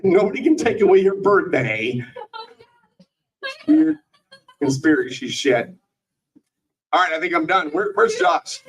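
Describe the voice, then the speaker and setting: A man's voice: sits high, wildly swooping pitch, unhurried, pauses often, breathy edge, distant mic, poor audio. A middle-aged man doing a rambling, profane stand-up set in a small bar, often stopping himself mid-thought. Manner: rambling, profane, self-interrupting. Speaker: stand-up comedian and show host.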